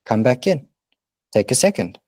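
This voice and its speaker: A man's voice: mid-range voice, big pitch swings, moderate pace, mellow, no room sound. A man co-hosting a podcast, coaching in an earnest, emphatic way and swearing now and then. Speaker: podcast co-host. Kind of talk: casual podcast conversation.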